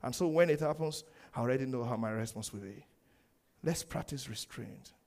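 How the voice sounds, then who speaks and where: A man preaching a sermon, animated, laughing often and acting out the quoted lines. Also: mid-range voice, moderate pace. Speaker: pastor.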